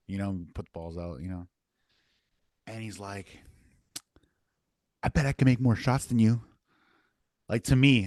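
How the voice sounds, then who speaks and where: A man's voice: fairly low pitch, dry recording, studio quality. A young man co-hosting a podcast, telling casual stories in a laid-back way full of filler words. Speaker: podcast co-host. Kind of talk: casual chat.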